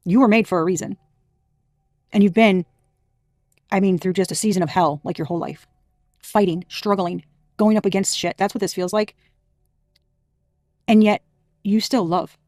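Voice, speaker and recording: A woman's voice: mid-range voice, steady tone, moderate pace, pauses often, a little mellow, no room sound, studio quality. Chatty, laughing woman tarot reader. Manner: chatty, emphatic, laughs often, swears casually. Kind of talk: casual spiritual reading to camera.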